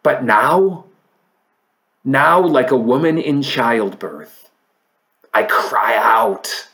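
Male pastor, mid pitch, unhurried sermon delivery with emphatic scripture readings. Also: lively intonation, a bit bright. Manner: preaching, reads scripture aloud, rises to emphatic peaks then drops low.

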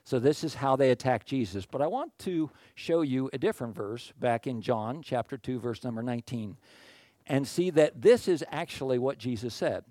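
A man's voice: medium pitch, normal speed, no echo, studio quality. A male pastor delivering a conversational sermon, often checking in with the congregation and acting out what the crowd said. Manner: conversational, animated, acts out crowd quotes.

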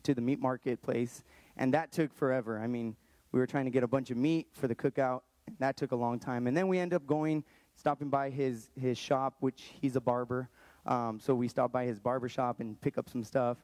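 Telling a personal story, a man in his thirties from the Austin area of Texas sounds earnest and halting, often looping back to restart a thought. His mellow, warm voice is medium-pitched with fairly even intonation, recorded dry and close with no surrounding room.

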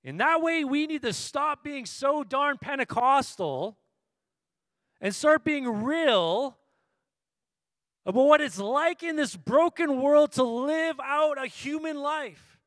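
A male pastor preaching a sermon, moving between quiet teaching and loud, impassioned passages, and asking the audience questions. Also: extremely high pitch, animated, unhurried, dry recording.

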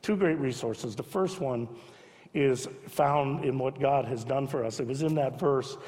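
A man preaching a sermon as pastor, emphatic, swinging between loud urging and soft hushed repetition. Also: mid-range voice, a little slow. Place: church sanctuary. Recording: long hall reverb.

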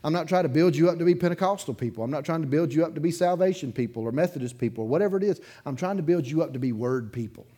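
A man preaching a sermon as pastor in his church, telling a story in a loose, conversational way, chuckling between sentences and swinging from loud bursts to quiet asides. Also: fairly high pitch, animated, rapid-fire, few pauses. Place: church sanctuary, in front of a congregation.

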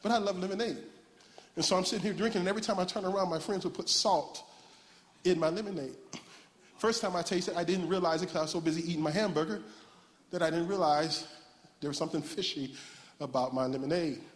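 High-pitched pastor preaching loud and lively, church hall echo trailing off. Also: male voice, fast, pauses often. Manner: lively preaching, call-and-response shouting, laughs. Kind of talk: animated sermon. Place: church sanctuary.

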